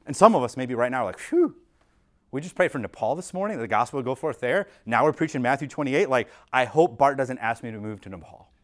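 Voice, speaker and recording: Guy preaching in a chatty laid-back way, voice sits kinda high, keeps asking "right?". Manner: casual, talks to the congregation with frequent "like" and "right?". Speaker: pastor. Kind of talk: conversational sermon.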